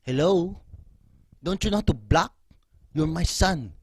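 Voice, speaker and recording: A man's voice: a little high, lively intonation, a little slow, slight background noise, voice pushed up. A man doing his indignant Filipino dad. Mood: exasperated scolding. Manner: indignant, demanding. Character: exasperated Filipino father scolding his son.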